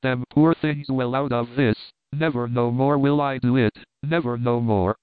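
A man voicing a solemn, trembling working-class servant who talks slowly and preachily in rough dialect. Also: medium pitch, fairly even intonation, no echo, close to an everyday voice. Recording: dry, phone-like narrow sound.

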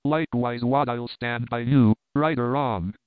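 A man voicing a solemn, trembling working-class servant who talks slowly and preachily in rough dialect. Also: medium pitch, no room sound, natural voice. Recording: dry, phone-like narrow sound.

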